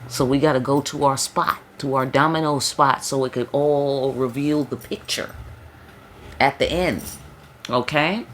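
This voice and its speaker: A woman's voice: rumbling low, a little slow, a bit bright, a little hiss or hum. A woman giving a casual spiritual tarot reading, talking loosely in slang, with frequent emphatic check-ins to her listeners. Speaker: tarot reader.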